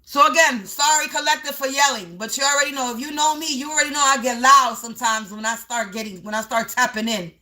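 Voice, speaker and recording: A woman giving a spiritual energy reading to her viewers, talking in a repetitive, emphatic way, at times yelling. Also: high voice, fast, hardly any pauses. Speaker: spiritual reader. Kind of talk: live tarot-style energy reading.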